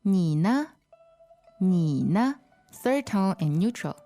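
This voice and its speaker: A woman teaching a language lesson, repeating phrases slowly and patiently. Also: medium pitch, very animated, mellow, faint music behind.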